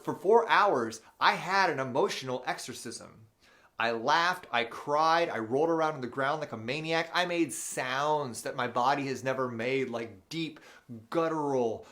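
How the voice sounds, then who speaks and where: A man whose voice sits a little high hosts a live motivational show. Unscripted and animated, he shares a personal story riddled with fillers and false starts, and he also reads viewer questions out loud.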